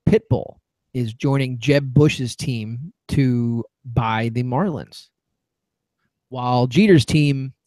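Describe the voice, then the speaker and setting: Male podcast host, dry close sound, wry banter, mid pitch. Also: darkish tone, dry recording. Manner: wry, reads out listener messages. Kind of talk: casual sports talk.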